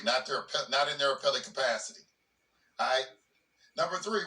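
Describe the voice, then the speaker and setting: A legal commentary channel host with a sharp, fairly high voice reads a legal document aloud and interrupts himself with plainspoken remarks, repeating words as he restarts. He is far from the mic, in a room with noticeable echo.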